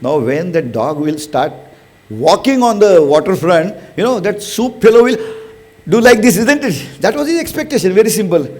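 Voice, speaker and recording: High-voiced Indian man giving a chatty talk. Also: very animated, normal speed, darkish tone. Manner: chatty, chuckles often, anecdotal. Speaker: lecturer on stress management. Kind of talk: informal motivational lecture.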